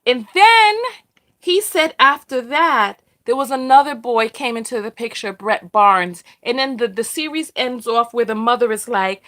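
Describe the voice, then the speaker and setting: A woman hosting a casual live discussion, animated and repeating her points for emphasis. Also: fairly high pitch, a little slow. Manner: acts out quoted people. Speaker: host.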